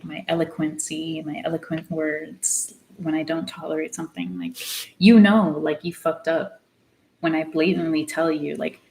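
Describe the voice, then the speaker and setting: Low-voiced woman ranting casually. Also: a little mellow, low-quality recording. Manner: ranting, profane, blunt; drops into Spanish phrases. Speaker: artist vlogger. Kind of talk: casual chat while painting.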